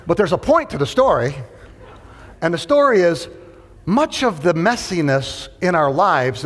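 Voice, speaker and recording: A man preaching a sermon to a room full of people, asking questions and having them answer back. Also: a little high. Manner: animated, rhetorical questions and call-and-response. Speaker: pastor. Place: large hall with an audience. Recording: long hall reverb.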